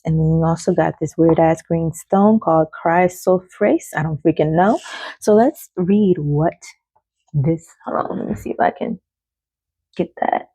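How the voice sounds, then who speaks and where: A woman's voice: lowish voice, creaky, mellow, no echo. A woman giving a casual oracle card reading in a loose, chatty way, laughing often and swearing freely.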